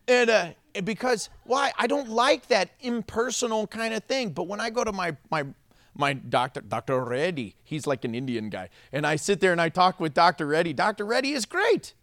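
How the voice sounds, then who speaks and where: A male pastor delivering a sermon, telling stories with laughter and dropping to a hush for emphasis. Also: high-pitched, normal speed, dry recording. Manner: animated storytelling with laughs and sudden drops to a hush.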